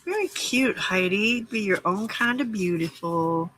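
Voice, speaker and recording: A woman hosts a cozy late-night crafting stream from her home craft room. Her voice is bright with a breathy, husky edge. She chats casually, welcomes viewers by name and pokes fun at herself. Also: medium pitch, expressive, a little slow, low-quality recording. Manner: chatty, greets viewers by name, self-deprecating. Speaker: livestream craft host.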